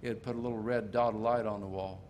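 An older man preaching a sermon in a folksy storytelling manner, slowing down to stress key points. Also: on the low side, steady tone, a little mellow, a little hiss or hum.

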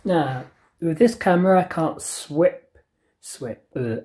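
A woman talking casually to a handheld camera at home in a home vlog, hesitant and full of ums and pauses. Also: low-pitched, animated, warm tone, a little hiss or hum. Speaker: vlogger. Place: at home indoors.

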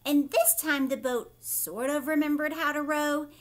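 Lady teacher doing storytime, high sing-song voice, slow, keeps asking the kids stuff. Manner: animated, questioning the young listeners. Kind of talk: read-aloud storytime for children.

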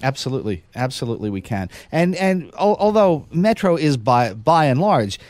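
Male talk radio host, mid pitch, halting, repeats words, dry studio sound. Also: sing-song, darkish tone, no room sound. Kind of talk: radio talk show chat.

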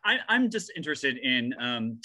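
A man hosting a podcast, asking a long question in a halting way with many restarts. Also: medium pitch, very animated, bright, forceful tone. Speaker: podcast host. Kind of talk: casual interview.

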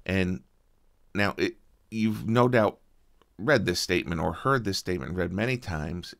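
A man preaching a sermon as pastor, earnest and conversational, with a soft-spoken prayer full of small fillers. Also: fairly low pitch, creaky.

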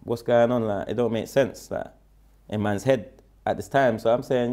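A man's voice: medium pitch, normal speed. A man, a guest in an interview, retelling events in slangy street talk and acting out what people said. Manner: slangy, animated retelling with quoted speech. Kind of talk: casual storytelling interview.

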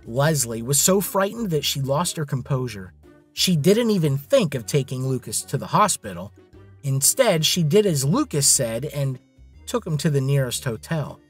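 A man's voice: medium pitch, big pitch swings, moderate pace, breathy edge, faint music behind. A man narrating a scripted drama story in a dramatic storytelling manner.

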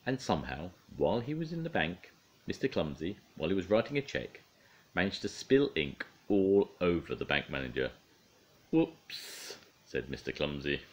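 An older man, a grandfather, reading a children's bedtime story aloud in a playful, expressive way. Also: low-pitched, a little fast.

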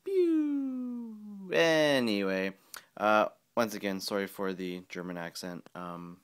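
A man's voice: deep voice, measured pace, fairly bright tone, clear, resonant tone. A man giving a casual, rambling hobby update full of ums and restarts. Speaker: miniatures hobby vlogger.

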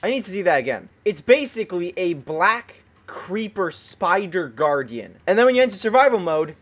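A man hosting gameplay commentary, excitable and dramatic, often yelping and exclaiming with joking mock outrage. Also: sits high, moderate pace. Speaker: gaming video host.

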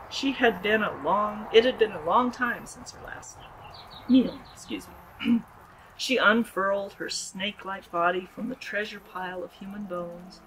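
A woman giving an expressive, dramatic reading of her own story at a writers' group. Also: mid-range voice, a little hiss or hum, low-quality recording. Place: garden art gallery.

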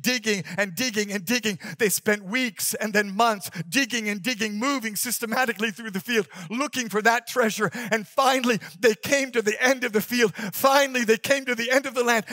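A man's voice: high-pitched, bright, forceful tone, dry recording, studio quality. A man preaching a sermon as pastor, emphatic and repetitive, calling the congregation to respond.

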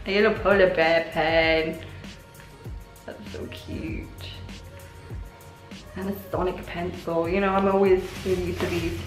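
A young woman vlogger chatting excitedly while unboxing gifts, gushing often, her voice a little hoarse. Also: lowish voice, a little slow, long pauses, roomy sound, soft background music. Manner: excitable, gushing, many oh my gods. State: voice going hoarse. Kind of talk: casual unboxing chat.

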